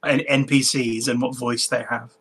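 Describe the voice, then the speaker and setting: A young man talks casually as a podcast guest. His voice is bright and forward, and his pitch sits in the middle range. He laughs often and breaks off into restarts mid-sentence. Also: flat delivery, normal speed, husky. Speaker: podcast guest, game master.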